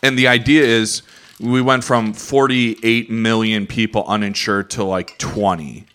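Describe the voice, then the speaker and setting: A man co-hosting a podcast who explains his points in a calm, measured way. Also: fairly low pitch, clear, resonant tone. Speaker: podcast co-host. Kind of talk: casual podcast discussion.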